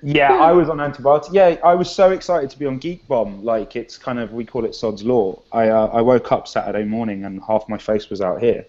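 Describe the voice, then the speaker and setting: A man's voice: medium pitch, brisk, hardly any pauses. A young man from England with a London accent, chatting playfully as an interview guest. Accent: London English. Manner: animated, laughing, playful. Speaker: actor guest. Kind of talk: casual live-stream interview. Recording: dull lo-fi stream audio.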